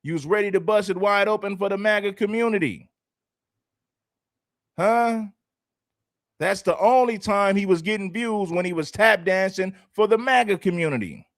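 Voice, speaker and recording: A fairly high male voice tells the story with sarcasm and loose laughter. The sound is dry, close and free of room echo. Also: moderate pace, pauses often. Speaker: host. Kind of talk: casual commentary chat.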